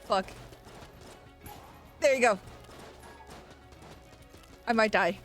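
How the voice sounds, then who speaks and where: A young woman streaming a game and chatting casually, excitable and quick to swear, with loud playful outbursts. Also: on the high side, soft background music. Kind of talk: casual live-stream gaming commentary.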